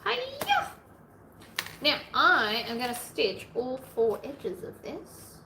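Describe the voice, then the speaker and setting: A woman hosting a long sewing livestream in casual chat, playfully narrating each step aloud, her voice a little hoarse from hours of talking. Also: on the high side, slow. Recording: echoey room, faint background noise.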